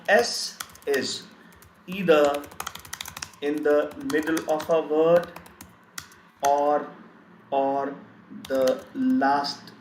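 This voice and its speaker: A man teaching a live online language lesson, slowly repeating example words again and again. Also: on the high side, echoey room, slight background noise, rough recording. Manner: slow, repetitive, drills word lists.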